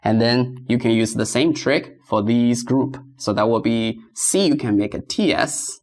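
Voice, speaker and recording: A man's voice: medium pitch, measured pace. A man teaching beginners pronunciation, patiently repeating sounds and stressing tones. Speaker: Mandarin teacher.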